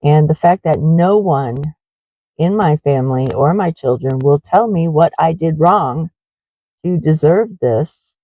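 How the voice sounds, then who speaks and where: Middle-aged woman, confessional rambling, casual walking vlog, slow pace, dry lo-fi sound. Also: low voice, lively intonation, warm tone, no room sound. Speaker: horse ranch owner.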